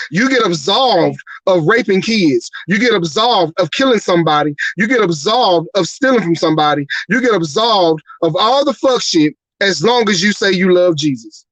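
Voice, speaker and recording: Profane, high-pitched ranting male podcast host. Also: fairly bright tone, no echo, low-quality recording. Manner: profane, rhetorical, repeating "you mean to tell me". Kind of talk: angry atheist rant on a live podcast.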